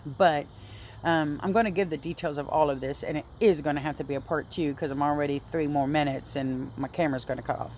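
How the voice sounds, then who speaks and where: A woman's voice: deep voice, fairly even intonation, fast, a little mellow, slight background noise. A woman earnestly telling a personal religious story in a casual, rambling vlog, often restarting her sentences. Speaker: vlogger sharing a religious testimony. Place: indoors at home, seated.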